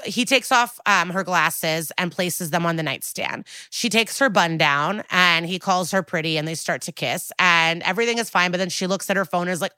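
A woman's voice: lowish voice, sharp tone, no echo. A woman co-hosting a podcast, recapping an episode in a chatty, wry way and acting out the quoted lines. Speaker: podcast co-host.

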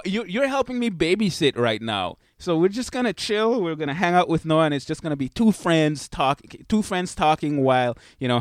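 A man's voice: mid-range voice, clean tone, no echo, clean studio sound. A man hosting a podcast in a casual, upbeat way, chatting and laughing while holding his baby son. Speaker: podcast host. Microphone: desk microphone.

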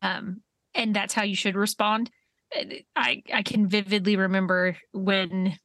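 Animated storytelling woman, dry mic. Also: mid-range voice, normal speed, no room sound. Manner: animated storyteller, laughs through her telling. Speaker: podcast co-host. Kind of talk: casual chat.

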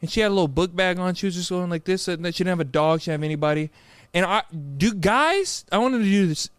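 Brief: male podcast co-host, casual storyteller, bouncy high voice, lots of swing. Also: fast, smooth, no room sound. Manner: animated storyteller, jumps in with sudden pitch leaps.

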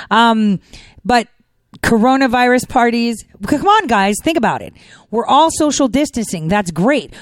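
A woman hosting a political commentary show, talking fast in a chatty, rambling monologue full of fillers. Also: mid-range voice, no room sound. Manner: talks fast. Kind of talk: casual monologue.

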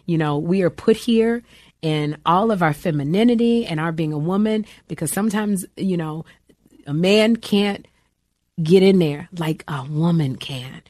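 Woman, middle-aged, animated interview guest, acts out quotes, low-ish pitch, dry sound. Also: measured pace, no echo. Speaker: actress and comedian guest. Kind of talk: lively interview chat.

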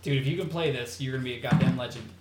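A man's voice: medium pitch, racing, a little mellow, slightly rough. A man hosting a podcast in casual chat, teasing his co-host, swearing and laughing often.

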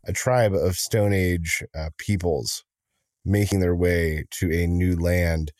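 A man co-hosting a podcast in casual chat, telling drawn-out joking stories with lots of fillers. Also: low voice, steady tone, darkish tone, dry recording. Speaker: podcast co-host.

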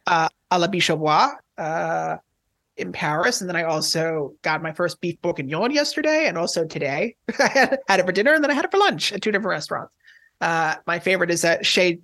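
A man who is a tennis journalist, chatting as a podcast guest, talking quickly and excitably with lots of restarts. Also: high voice, no room sound. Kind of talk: casual podcast chat.

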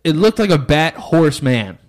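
A man co-hosts a podcast in relaxed, casual chat, his somewhat high voice swinging widely as he tells stories. He is playful and breaks into laughter often. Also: measured pace. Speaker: podcast co-host.

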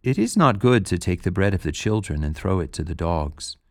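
A man's voice: low-pitched, animated, a little fast, dry recording, clean studio sound. A man reading scripture aloud, voicing the words of a male teacher who rebukes and consoles with authority. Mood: solemn.

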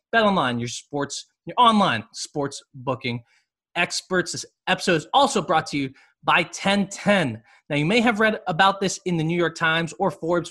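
A man's voice: a little high, a bit bright. A man hosting a women's basketball podcast, reading ads and chatting casually with jokes and rambling asides. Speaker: podcast host. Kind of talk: casual sports podcast talk and ad reads.

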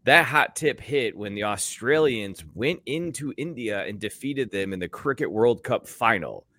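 In clean studio sound with no room echo, a man co-hosts a casual sports podcast, boasting and joking about bets and games. His voice is animated, pushed and bright, swinging widely in pitch at a moderate pace.

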